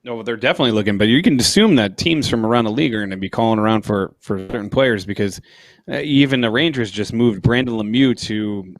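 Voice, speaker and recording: A man's voice: lowish voice, fast talker, no room sound. Jokey man in dry close sports chat. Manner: talkative, jokey. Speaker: podcast co-host.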